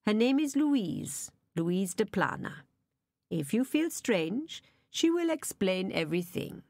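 A woman reading the part of a calm, kindly nun in an audiobook, measured and slow, with a breathy voice. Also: medium pitch, dry recording, studio quality, exaggerated voice. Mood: calm reassuring. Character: calm, kindly older nun, gentle but firm.

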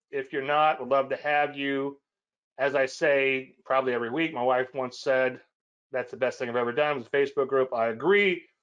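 A man's voice: medium pitch, a bit bright, clear, resonant tone, dull audio. A man hosting a weekly trading show, chatting casually and rambling through charts with self-deprecating asides. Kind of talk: casual webinar chat.

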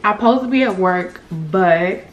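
A woman's voice: lowish voice, lively intonation, moderate pace, dull audio, very noisy. A young woman vlogging in a casual, swear-heavy chat, talking straight to the camera about her dog and her day.

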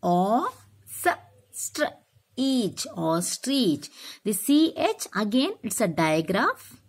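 Breathy woman teaching children phonics. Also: on the high side, very animated, slow. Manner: sounds out letters one by one and quizzes children.

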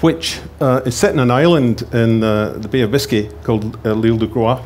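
A man from Scotland, a crime writer, talks on a festival panel in a mid-pitched voice. He tells his anecdotes in a wry, rambling way, with plenty of ums and restarts. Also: a little fast, a little mellow, a little hiss or hum. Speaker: crime novelist. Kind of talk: panel talk. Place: festival stage.

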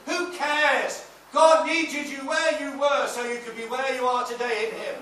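A man in his sixties, a pastor preaching a sermon in a large church, mixing personal stories with emphatic, shouted praise. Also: very high voice, fairly even intonation, normal speed, few pauses, a little hiss or hum. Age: 60s. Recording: echoey hall, mic off at a distance.

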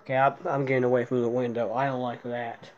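A man filming a casual handheld vlog, jittery and muttering to himself, swearing often, sometimes dropping into soft baby talk to a cat. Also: mid-range voice, flat delivery, fast, highs cut off, slight background noise. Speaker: vlogger.

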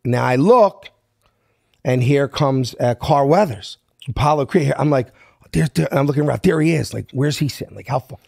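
A man's voice: medium pitch, normal speed, creaky, dry recording, studio quality. A man in his fifties from South Philadelphia with a Philadelphia accent, telling a story in an interview and acting out every voice. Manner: animated, acts out the voices in his anecdotes. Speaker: guest.

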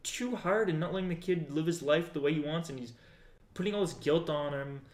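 A man's voice: on the high side, a little fast. A man co-hosting a podcast in casual chat, acting out characters' lines as he retells scenes. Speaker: podcast co-host. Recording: roomy echo.

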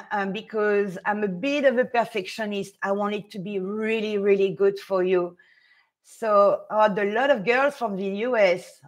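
On a live stream, a woman who works as a fashion stylist chats casually with her viewers. She sounds excitable and nervous, laughing often, and her voice sits in the mid-range.

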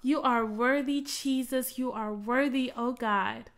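A woman's voice: a little high, fairly even intonation, unhurried, background noise. A woman minister leading a virtual church service, praying fervently with murmured interjections and then talking casually to online viewers. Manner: chatty, coaxing viewers to type in the chat. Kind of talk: prayer and sermon on a virtual service.

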